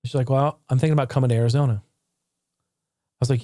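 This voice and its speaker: A man speaks bluntly and profanely as he looks back on hard years, circling back and restarting his sentences. His voice is mellow and relaxed, and the recording is close and dry with no room sound. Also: mid-range voice, fairly quick, dry recording. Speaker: channel host. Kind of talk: candid personal retrospective monologue. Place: home.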